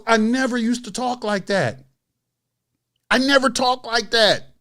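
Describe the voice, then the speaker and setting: A man hosts his own video, speaking straight to his camera in blunt, profanity-laced street talk. His voice sits high and leaps around constantly. He tells a story, then rants with mounting exasperation. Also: very animated, moderate pace, fairly bright tone. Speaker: online video host. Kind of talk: unscripted rant to camera.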